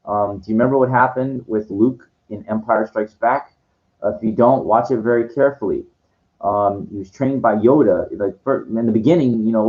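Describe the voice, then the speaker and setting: Responding to a viewer's comment, a vlogger launches into a ranting, condescending lecture to camera, often stumbling and starting sentences over. He speaks at a normal speed in a lowish voice. Dull lo-fi audio captures it.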